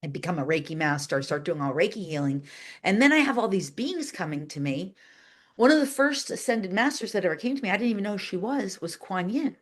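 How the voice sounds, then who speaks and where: A woman being interviewed, telling a long story in a chatty, animated way, with lots of "like" and voices acted out in quotes. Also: mid-range voice, a little fast. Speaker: guest, channeler and animal communicator.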